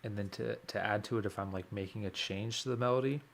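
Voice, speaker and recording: A young man with a fairly low voice talks casually to his stream while he works on a track. He thinks out loud and keeps questioning himself as he goes. Faint background noise sits under his voice. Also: fast talker, gravelly. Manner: thinking aloud, self-questioning. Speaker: music producer live-streaming. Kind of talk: casual livestream commentary.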